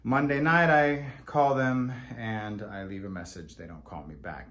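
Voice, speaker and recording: A man's voice: fairly low pitch, a little slow, hardly any pauses, fairly bright tone. A man who works as a real estate agent, telling a story in a casual vlog and acting out both sides of the conversations.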